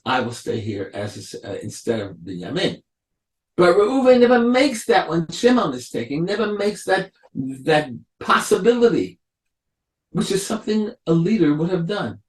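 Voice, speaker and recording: A man, a rabbi, giving a Torah lecture, explaining slowly and acting out the quotes of biblical figures. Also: sits high, darkish tone. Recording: echoey room.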